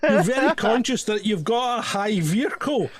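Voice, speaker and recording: Animated man in lively chat. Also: high-pitched, moderate pace. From Scotland. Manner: animated, swearing, acts out what people say. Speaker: podcast co-host. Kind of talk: casual chat.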